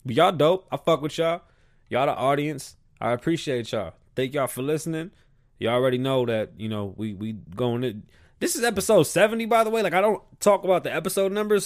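A man's voice: mid-range voice, no echo, clean studio sound. A man hosting his own podcast, rambling through a profane, slangy casual monologue. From South Bronx, New York. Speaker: podcast host.

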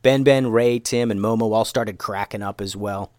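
A man narrating a children's story in an expressive, animated reading. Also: on the low side, moderate pace, dry recording, clean studio sound.

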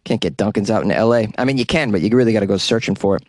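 A man's voice: on the low side, rapid-fire, dry recording, studio quality. Sarcastic man hosting a comedy podcast. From Boston area. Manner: sarcastic, laughing at his own jokes. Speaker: podcast host. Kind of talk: casual comedic monologue.

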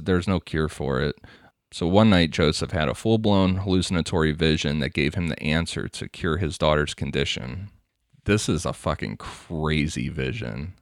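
A man's voice: extremely low pitch, no room sound, studio quality. A man hosting a podcast, telling a crime story in a casual, crude, laughing way. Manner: laughing, crude, conversational narration. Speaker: podcast host.

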